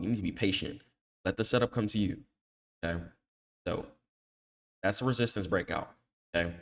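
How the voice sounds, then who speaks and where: A man's voice: low voice, normal speed, creaky, long pauses. A man teaching trading on a chart, talking in casual slang and tagging "okay?" onto nearly every point. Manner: scolds emphatically when warning against emotional trading. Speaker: trading educator. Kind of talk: screen-share chart tutorial.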